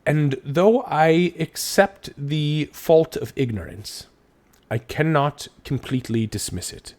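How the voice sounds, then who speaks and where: A man voicing a strict male dwarf constable who speaks in formal, measured pronouncements. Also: on the high side, a little mellow, voice pushed up. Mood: stern.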